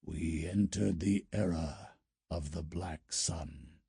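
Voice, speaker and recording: A male narrator voicing a gloomy alien warrior who speaks in a slow, sad, gravelly growl for an audiobook. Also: sits low, dark tone, no echo, studio quality, pitched below the performer's own voice, exaggerated voice. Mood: brooding. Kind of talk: audiobook character voice.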